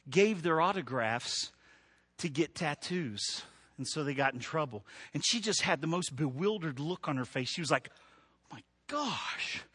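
Man, high voice, bright tone, middle-aged, animated sermon delivery. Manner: animated preaching, builds to emphatic peaks then drops soft. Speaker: pastor.

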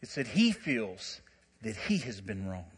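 A man preaching a sermon, telling stories in an animated way with frequent laughter and asides. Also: lowish voice, unhurried, breathy edge, in a large hall. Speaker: pastor.

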